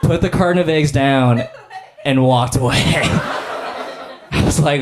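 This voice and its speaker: A man's voice: mid-range voice, slow pace, pauses often, background noise. A young man doing a stand-up comedy set on stage, rambling in a laid-back way with lots of "like" and "I don't know". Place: comedy stage before a live audience.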